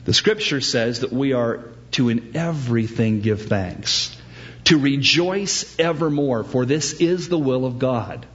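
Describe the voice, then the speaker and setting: Slow, deliberate preaching man, lo-fi. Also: mid-range voice. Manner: animated preaching, acting out quoted voices. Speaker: pastor. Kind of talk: sermon.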